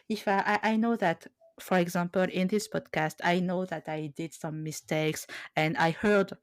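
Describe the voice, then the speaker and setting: A woman talks casually on a podcast in a fairly low voice, often stopping to hunt for a word and correct herself. The sound is dry and close, with no room around it. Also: vocal fry, dry recording. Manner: hesitant, searching for words, frequent self-corrections.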